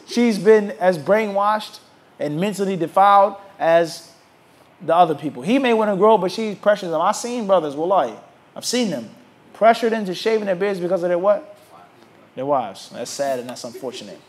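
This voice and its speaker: A man teaching a religious lecture, often asking his students to finish his sentences and mocking opposing views. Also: sits high. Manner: animated, mocks opposing views in put-on voices. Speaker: Islamic teacher. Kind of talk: lecture to a class.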